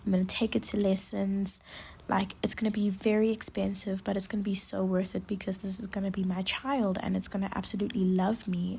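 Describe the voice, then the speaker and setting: A young woman hosting a casual solo podcast, talking in a rambling, gushing way with lots of fillers and a soft, half-whispered delivery. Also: medium pitch, husky. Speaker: podcast host.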